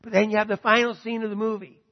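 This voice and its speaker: A man with a high voice preaches a sermon, moving from lively storytelling into emphatic argument. His voice rings out with a long hall reverb. The recording sounds somewhat dull and muffled. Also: fast. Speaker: pastor.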